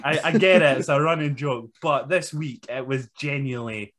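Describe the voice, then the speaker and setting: A man's voice: mid-range voice, normal speed, fairly bright tone. A man co-hosting a podcast, recapping wrestling in blunt, sweary casual chat and laughing often.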